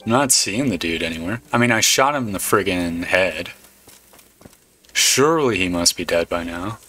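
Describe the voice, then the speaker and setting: A man giving relaxed let's play commentary, swearing casually as he plays. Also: deep voice, moderate pace, slight background noise. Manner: laid-back, swears casually. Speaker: gamer.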